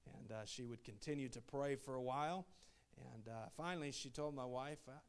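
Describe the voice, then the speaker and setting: A man preaching a sermon as a missionary, folksy and full of "uh" fillers, his voice rising into loud calls of "Amen". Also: medium pitch, normal speed, clean tone.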